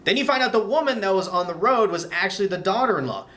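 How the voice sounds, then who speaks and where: A man recapping a horror movie in a casual, animated way, full of sarcastic asides. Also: sits high, fast. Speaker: film reviewer.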